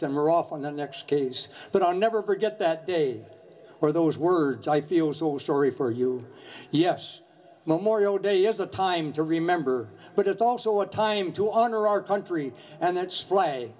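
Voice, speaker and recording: An older man giving an earnest, measured memorial speech, telling a story from his years commanding a Coast Guard station. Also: a little high, animated, a little mellow.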